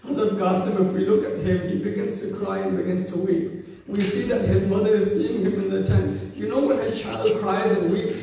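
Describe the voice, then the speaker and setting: A man's voice: high voice, steady tone, normal speed, creaky, warm tone. A man giving a religious sermon as a majlis speaker, telling the story solemnly and with passion, and at times chanting. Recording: echoey hall, distant mic.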